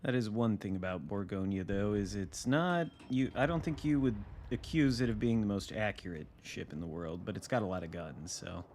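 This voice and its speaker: Low-voiced man musing over gameplay. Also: moderate pace, few pauses, darkish tone, a little hiss or hum. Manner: dry, wry musing, thinking aloud. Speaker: game streamer. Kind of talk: casual live gameplay commentary.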